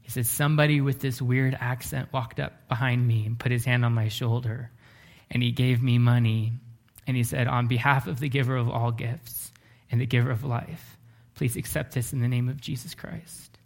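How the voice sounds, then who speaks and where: A man preaching a sermon, telling a story earnestly, slowing down and dropping to a hush for emphasis. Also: medium pitch, steady tone, creaky. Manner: earnest, often slows down and drops to a hush for emphasis. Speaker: pastor.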